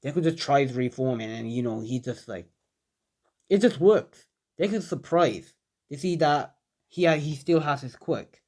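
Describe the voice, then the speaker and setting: A young man narrates a fan story in a loose, casual way. He rambles and leans on filler words as he goes. His voice sits at an ordinary middle pitch. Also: measured pace, a little mellow. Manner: rambling, many "like" and "just" fillers.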